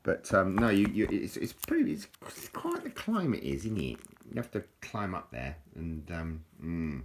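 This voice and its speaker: Deep-voiced joking man, stammering. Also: wildly swooping pitch, normal speed, slight background noise. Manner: self-mocking, joking, stammering restarts, laughs often. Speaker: vlogger showing holiday photos. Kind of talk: rambling casual chat.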